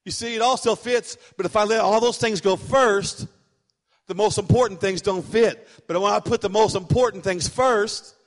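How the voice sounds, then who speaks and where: A man preaching as pastor in a church, animated and emphatic, repeating his points. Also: high-pitched, normal speed, in a large hall. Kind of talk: sermon.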